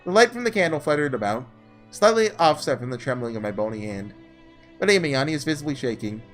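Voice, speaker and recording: Man reading as a frail, weary young woman narrating a visual novel game; lively pitch, faint music under it. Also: fast, lightly acted. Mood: reflective.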